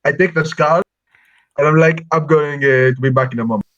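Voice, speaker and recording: A man's voice: on the high side, brisk, a bit bright, muffled recording. A man playing a tabletop game, describing his character's actions plainly with fillers. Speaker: player.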